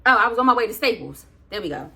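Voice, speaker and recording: A woman vlogger telling a story in a casual rant, exasperated and animated, acting out what she said while she preps food. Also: mid-range voice, very fast, creaky, slight background noise. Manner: animated, exasperated retelling with acted-out quotes; talks while prepping food.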